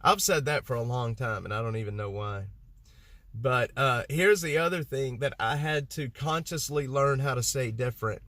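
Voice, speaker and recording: A man's voice: mid-range voice, moderate pace, fairly bright tone, dry recording. A man from Texas, chatting casually to his live-stream audience, rambling and poking fun at himself. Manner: rambling, self-mocking, talks to chat. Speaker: livestreamer.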